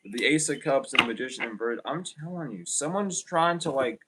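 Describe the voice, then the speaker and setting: Male tarot reader for a live stream, mid-pitched, loose and rambling, blunt, filler-heavy delivery. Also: animated, moderate pace, background noise. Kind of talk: casual livestream tarot reading.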